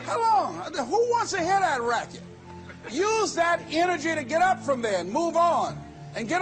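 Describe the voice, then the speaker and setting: A man's voice: extremely high pitch, animated, fairly quick, a crowd in the background. A man giving a motivational speech to a live audience, blunt and wry. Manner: blunt, plain-spoken, wry. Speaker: motivational speaker. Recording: live audience recording with music over it.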